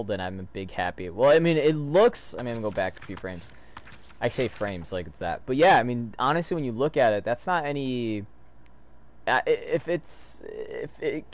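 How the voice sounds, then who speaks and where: A man giving excitable, casual reaction commentary while reading a comic aloud, throwing in loud sound effects. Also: mid-range voice. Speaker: video host reading a comic.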